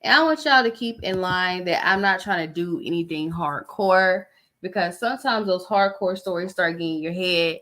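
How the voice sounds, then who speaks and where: A woman's voice: lowish voice, normal speed, sharp tone. A woman podcast host, reading posts aloud and giving blunt, sarcastic gossip commentary in a casual way.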